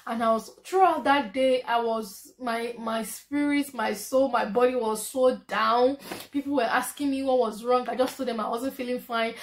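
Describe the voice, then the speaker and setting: A young Nigerian woman with a Nigerian accent, animated and laughing often as she tells a story on her vlog. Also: sits high. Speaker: vlogger.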